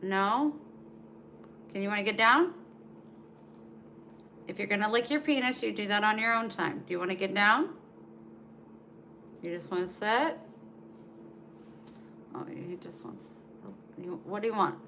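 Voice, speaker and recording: A woman chats on a casual live stream from her home and talks to her dog in baby talk. Her voice is bright and she speaks at an unhurried, drawn-out pace. A faint hum of household noise sits behind her. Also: medium pitch. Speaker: vlogger.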